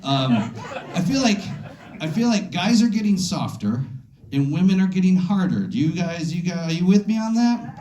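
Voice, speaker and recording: A man doing a stand-up set at a comedy club, rambling, calling out to audience members, and jumping into high silly voices for quotes. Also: very animated, normal speed, mellow. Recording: echoey club room. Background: audience laughter.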